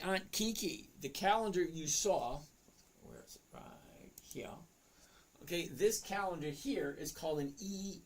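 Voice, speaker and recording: Gravelly man hosting a trading livestream. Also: fairly high pitch. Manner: chatty, greets viewers by name, explains charts step by step. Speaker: stock trading livestream host. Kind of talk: casual livestream chat reading viewer comments.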